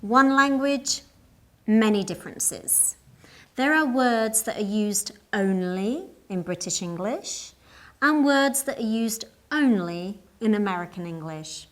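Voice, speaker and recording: A woman narrating a scripted English lesson in a slow, clear and deliberate teaching voice. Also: medium pitch, expressive.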